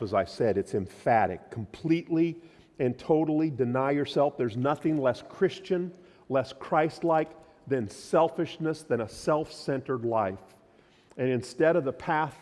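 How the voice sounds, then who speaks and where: A man preaching a sermon as pastor, emphatic, his voice swinging from loud declarations to quiet, low lines. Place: church sanctuary. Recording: long hall reverb.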